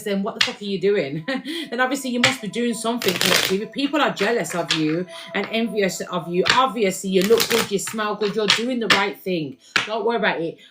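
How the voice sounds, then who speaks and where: A woman chats her way through a casual spiritual reading, laughing often and sometimes swearing or slipping into slang. Her voice sits at a middling pitch, and music plays clearly beneath her the whole time. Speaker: spiritual reader.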